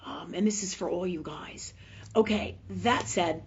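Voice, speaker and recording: A woman's voice: lowish voice, unhurried, vocal fry, lo-fi sound, slight background noise. A woman hosting a live call-in show as a medical intuitive, talking in a chatty, rambling way, often asking "right?" and swearing casually. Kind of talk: live call-in spiritual health reading.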